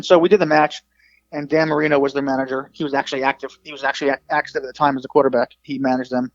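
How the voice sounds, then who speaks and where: A man's voice: mid-range voice, very fast, dry recording. A man in his forties, a podcast guest, telling stories casually and with energy, slipping into other people's voices as he retells them. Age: 40s. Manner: animated, acts out quoted people in a raised voice. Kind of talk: casual storytelling. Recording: dull lo-fi podcast audio.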